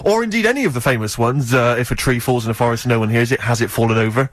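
Quick male co-host, dry wit, fast delivery. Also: mid-range voice. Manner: dry, quick-witted, riffing. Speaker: radio co-host. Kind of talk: casual radio banter.

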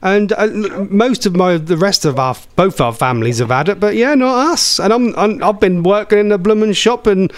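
A man's voice: high voice, animated, moderate pace, hardly any pauses, no echo. A man hosting a radio phone-in, chatting casually and rambling with lots of ums. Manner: chatty, rambling, says um often. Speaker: radio show host.

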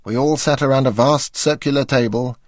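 A man's voice: medium pitch, fairly even intonation, brisk, dry recording. An older man reading his memoir aloud with dry, wry understatement. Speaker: memoir narrator.

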